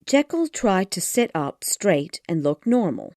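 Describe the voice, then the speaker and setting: A woman narrating an audiobook of a classic gothic tale in a steady storytelling manner. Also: medium pitch, unhurried, no room sound, clean studio sound.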